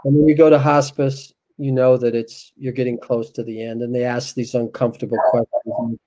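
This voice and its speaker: A man as an interview guest, telling a heartfelt personal story in a soft, reflective, unhurried way. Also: mid-range voice, level tone, low-quality recording.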